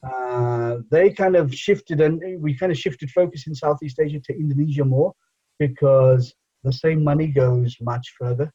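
A man's voice: fairly high pitch, moderate pace, mellow, husky, muffled recording. A man from England, whose first language is Bengali, chatting loosely as an interview guest with lots of fillers. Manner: rambling, many fillers and "you know". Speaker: guest, engineering professor and charity founder. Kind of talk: casual conversational interview.

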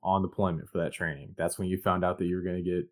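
A man with a low, deep voice hosts the conversation and asks about a guest's service. He talks in a loose, friendly way and fills his sentences with "like". The tone stays informal throughout. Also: fast talker. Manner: relaxed, conversational, leans on "like". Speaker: interviewer. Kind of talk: casual interview questions.

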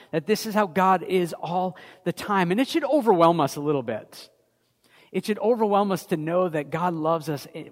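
A man in his thirties giving a conversational sermon as a pastor, telling stories from family life in an animated way. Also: high voice. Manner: conversational, anecdotal, animated storytelling. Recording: long hall reverb.

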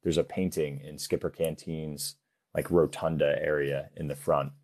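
Young adult man, podcast co-host, very deep voice, casual rambling chat. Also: little pitch movement, normal speed, a little mellow. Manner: rambling, many fillers like "like".

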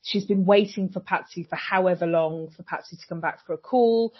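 A woman co-hosting a casual recap podcast, animated and swearing freely as she acts out characters' lines. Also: on the low side, brisk, slightly rough. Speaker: podcast co-host. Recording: dull lo-fi sound.

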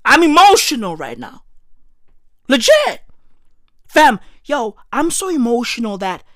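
A woman's voice: a little high, huge pitch swings, a little slow, no echo, clean studio sound. A woman in her thirties hosting a podcast, gushing in a profane, slang-heavy comic monologue. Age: 30s. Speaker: podcast host.

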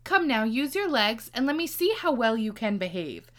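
A woman voicing a fussy, proud mother duck in a storybook reading, with slow, exaggerated delivery. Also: a little high, very animated. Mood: instructive.

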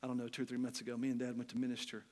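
A middle-aged male preacher gives a sermon in a church hall, where his voice rings out with a long, lingering reverb. His pitch sits in an ordinary middle range. He tells a frank personal story, climbing to loud, animated stretches and then dropping to hushed, quiet ones. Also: rapid-fire.

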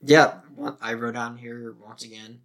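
Gravelly joking man reviewing an album. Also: medium pitch, little pitch movement, unhurried. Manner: joking, crude, playful. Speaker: podcast co-host. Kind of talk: casual album review chat.

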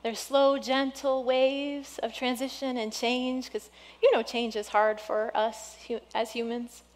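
A woman pastor preaching a sermon in a church, earnest and exhorting, often dropping to a soft hush. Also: a little high, level tone, a little slow. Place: church sanctuary.

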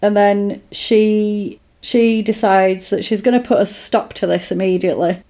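A woman in casual chat, animatedly retelling a film's plot and putting on quick voices for the characters. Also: medium pitch, fairly even intonation, warm tone. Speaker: podcast co-host recapping a film.

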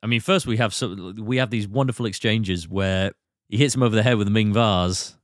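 A British man hosts a relaxed film chat with a lowish voice, recapping scenes and breaking into quick impressions of the characters. His voice is close and dry, with no room around it. He rushes through his recaps and swoops up high whenever something amuses him. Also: no room sound. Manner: animated retelling, slipping into quick impressions. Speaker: podcast host. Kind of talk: casual film discussion.

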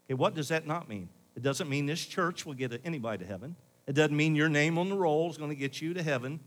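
A man's voice: fairly high pitch, fast. A male pastor preaching a sermon in church, building to pleading questions.

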